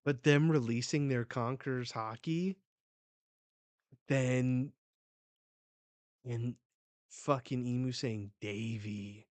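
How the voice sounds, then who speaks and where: A man hosting a live manga reaction, retelling the chapter excitedly and swearing as he goes. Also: medium pitch, slow pace, pauses often, dry recording.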